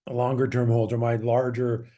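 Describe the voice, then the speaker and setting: A man's voice: medium pitch, flat delivery, normal speed, dark tone. A man who trades stocks, casually walking through his trades and charts in a loose, chatty way with frequent fillers and self-corrections.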